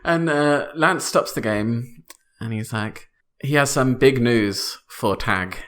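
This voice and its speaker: A man's voice: mid-range voice, slow, fairly bright tone. A man co-hosting a comedy podcast, improvising a story, giggly and hesitant with many ums. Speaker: co-host.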